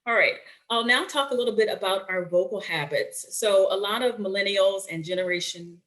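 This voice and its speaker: A woman's voice: medium pitch, moderate pace, fairly bright tone. A woman presenting a webinar in a conversational way, often checking in with listeners and using fillers.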